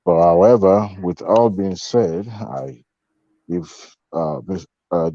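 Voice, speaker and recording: Man, very low gravelly voice, dark tone, dry dull lo-fi sound, halting panel remarks. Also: no room sound. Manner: slow, halting, many fillers. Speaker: panelist giving closing remarks. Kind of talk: online panel discussion.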